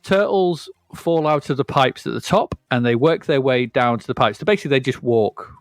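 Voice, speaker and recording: A man's voice: medium pitch, animated, moderate pace, no echo, studio quality. A man co-hosting a podcast, chatting casually about retro video games and often stopping to correct himself. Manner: rambling, self-correcting, chatty. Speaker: podcast co-host. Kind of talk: casual retro gaming chat.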